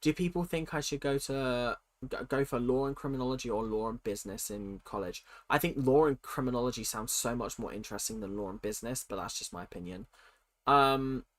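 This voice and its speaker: A man's voice: mid-range voice, a bit bright. A young man with a cold, chatting casually on a livestream as he reads viewer questions aloud and answers them candidly. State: has a cold. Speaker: streamer.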